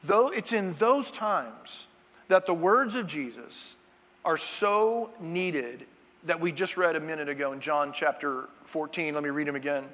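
A man's voice: a little high, unhurried, a bit bright. A male pastor giving a conversational sermon, with chatty, jokey asides to the congregation, in a church sanctuary. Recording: long church-hall reverb.

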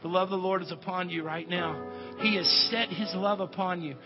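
High-voiced preacher in a reverberant sanctuary. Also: male voice, fairly even intonation, brisk. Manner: drops to soft whispers for quoted words, rises to loud emphatic preaching. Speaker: pastor. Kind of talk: sermon. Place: church sanctuary. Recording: dull sound with long reverb, soft music behind.

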